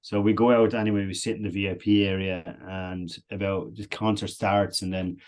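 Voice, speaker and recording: A man's voice: deep voice, normal speed. Irish man telling a wild story. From Ireland. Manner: animated anecdotal, laughs often. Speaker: podcast guest. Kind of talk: casual storytelling.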